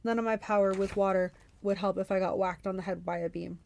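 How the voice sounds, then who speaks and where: A woman reading a novel aloud for a book club, in steady first-person narration. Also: mid-range voice, fast, gravelly, dry recording.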